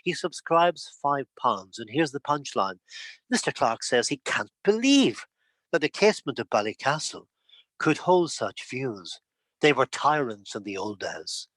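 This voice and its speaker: A man's voice: medium pitch, very animated, a little slow, fairly bright tone, no room sound. A man giving a history lecture over a video call, telling it as a story with frequent asides, fillers and restarts. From Ireland.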